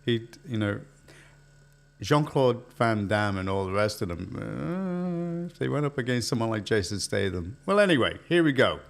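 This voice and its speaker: A man's voice: mid-range voice, very animated, moderate pace, creaky. A man hosting a casual chat show, joking and laughing often with his co-host.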